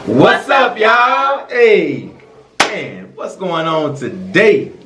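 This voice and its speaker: A man's voice: sits high, big pitch swings, drawn-out words, loud music behind the voice. A man co-hosting a food-eating video, joking and teasing in casual chat. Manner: playful, teasing. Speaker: mukbang co-host. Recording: roomy sound, mic set far off.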